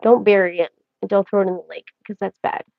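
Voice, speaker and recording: A woman's voice: medium pitch, steady tone, fast, gravelly, no echo. A woman hosting a casual livestream, rambling and joking as she talks straight to her viewers. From Canada. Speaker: livestream host. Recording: dry, dull lo-fi audio.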